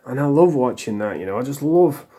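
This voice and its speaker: A man's voice: mid-range voice, animated, brisk, dark tone. A middle-aged man from England, talking casually and bluntly to camera, rambling and swearing freely. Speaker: vlogger.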